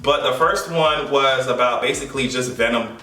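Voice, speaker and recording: A man recapping a movie in a casual, animated way, swearing, joking and laughing as he goes. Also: mid-range voice, moderate pace, recorded from a distance. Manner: animated, profane and playful, laughing often. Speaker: movie reaction vlogger. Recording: echoey room, voice a bit off-mic, faint music.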